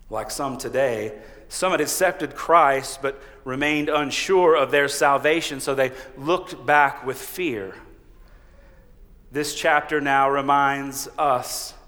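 A man's voice: medium pitch, fairly bright tone. Man, pastor, humorous conversational sermon, church sanctuary, reverberant hall. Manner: conversational and humorous, often laughing.

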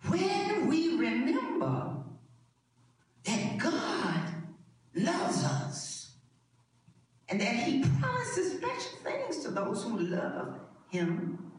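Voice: high-pitched, huge pitch swings, drawn-out words, long pauses. A preacher delivering a sermon with emphatic repetition and call-and-response, heard in a church sanctuary. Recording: echoey hall, distant mic, faint noise.

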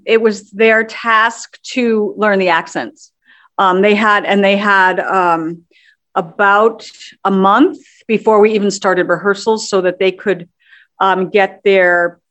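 A woman, a theater director, answering interview questions in a measured way with frequent ums. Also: medium pitch, a bit bright.

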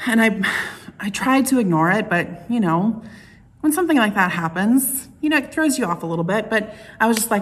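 A middle-aged woman preaches to her congregation in an easygoing, conversational way. She slips into stories and playful asides as she talks, and her voice sits at an ordinary middle pitch. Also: expressive, a little fast, slight background noise. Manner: chatty storytelling with playful asides. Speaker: pastor. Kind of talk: conversational sermon.

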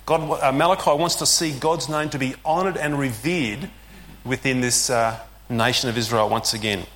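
A man's voice: medium pitch, steady tone, normal speed, a bit bright, a little hiss or hum. A man preaching a sermon as pastor, conversational and explanatory with casual fillers.

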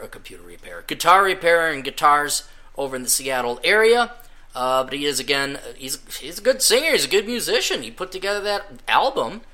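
A man's voice: fairly high pitch, bright, forceful tone. A man hosting a podcast, ranting casually and sarcastically, breaking into mocking sung parodies. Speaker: podcast host.

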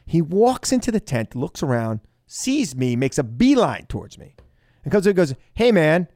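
Brief: male radio host in his forties, upbeat storyteller, slightly high voice, dry close mic. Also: very animated, moderate pace, dark tone, no room sound. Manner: chatty storyteller, enthusiastic. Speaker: radio talk show host. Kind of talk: casual radio talk.

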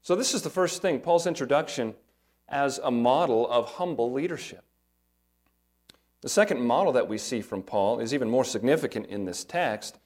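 A pastor delivers an earnest, emphatic sermon. His voice sits at an ordinary middle pitch for a man, and he leans on rhetorical questions to draw the congregation in. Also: lively intonation, moderate pace, darkish tone.

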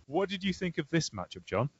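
A man hosting a casual wrestling podcast, chatty and animated, laughing often as he tells stories. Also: fairly high pitch, creaky, breathy edge, dry recording. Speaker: podcast host. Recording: dry, dull lo-fi sound.

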